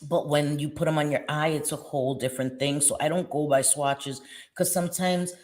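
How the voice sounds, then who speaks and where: A woman in her forties chatting casually with viewers while doing her makeup, playful and quick to laugh. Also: deep voice, fairly even intonation, a little mellow. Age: 40s. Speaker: beauty vlogger.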